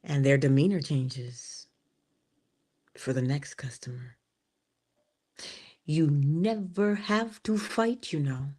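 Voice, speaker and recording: This woman's voice sits low, and she speaks slowly with long pauses. She's the host of a morning inspiration stream, delivering an emphatic, animated motivational talk in which she laughs, whispers key phrases, and plays out little scenes.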